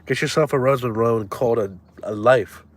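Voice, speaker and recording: Young male streamer, mid pitch, crude slangy chat. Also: fairly quick. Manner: loose, crude slang-heavy banter. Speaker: live streamer. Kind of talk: casual chat.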